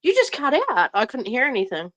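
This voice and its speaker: A woman's voice: fairly high pitch, big pitch swings, a little fast, pushed and bright, dry recording. A woman hosting a livestream, gossiping in a casual, mocking way and laughing often. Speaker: livestream host.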